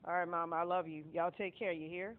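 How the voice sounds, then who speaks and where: A woman in her late thirties on a phone call, talking hesitantly and softly, stammering over her words. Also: on the low side, steady tone, brisk. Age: late 30s. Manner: hesitant, stammering, soft-spoken. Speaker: channel owner on a phone call. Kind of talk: phone conversation. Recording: tinny phone line.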